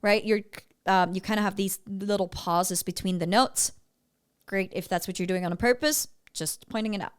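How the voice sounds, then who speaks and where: A woman's voice: mid-range voice, fairly even intonation, moderate pace, clear, resonant tone. A woman vocal coach giving feedback on singing clips in a chatty way, breaking off to sing short demo phrases.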